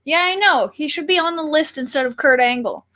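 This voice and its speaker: High, bright-voiced young woman chatting. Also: fairly quick. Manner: chatty, swears casually. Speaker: co-host. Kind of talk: casual chat.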